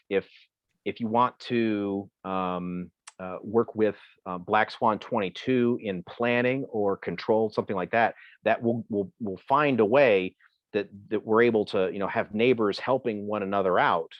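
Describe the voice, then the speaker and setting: Lo-fi halting man on a call. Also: lowish voice, no room sound. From Ohio. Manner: halting, many fillers and restarts. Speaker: presenter on emergency communications. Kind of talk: Zoom Q&A answer. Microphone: video call. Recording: dull lo-fi video call.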